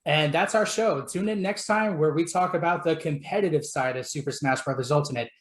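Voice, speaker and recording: A man's voice: fairly high pitch, fairly quick. Chatty male podcast host, roomy sound. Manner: chatty, lots of "like" fillers. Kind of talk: casual podcast chat. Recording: roomy echo.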